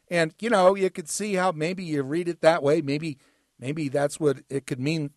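A man's voice: a little high, a little mellow, no echo. A man hosting a talk radio show, delivering an emphatic monologue and reading legal text aloud with mounting insistence into a studio microphone. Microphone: studio broadcast microphone.

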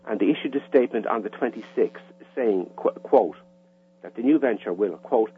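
Irish man, low voice, phone-line sound with faint hum, explaining step by step. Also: animated, moderate pace. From Ireland. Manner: plain, explanatory, with hesitations. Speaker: caller. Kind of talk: phone-in radio interview.

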